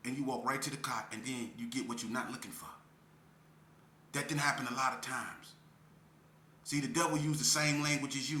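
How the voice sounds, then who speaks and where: A man with a mid-range, sharp-toned voice speaks fairly quickly over a little hiss or hum. Talking to parents in Las Vegas street speech, he tells his story with earnest emotion, repeating phrases for emphasis. Echo and faint ambience fill the room.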